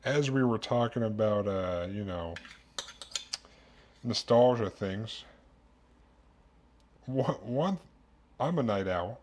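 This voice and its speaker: A man's voice: lowish voice, animated, slow pace, long pauses, a little mellow, a little hiss or hum. Guy rambling on while he meal preps in his kitchen, dishes clinking in the back. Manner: rambling, self-interrupting storyteller. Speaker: streamer. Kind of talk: casual chat while cooking. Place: home kitchen. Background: kitchen dishes and cutlery clatter.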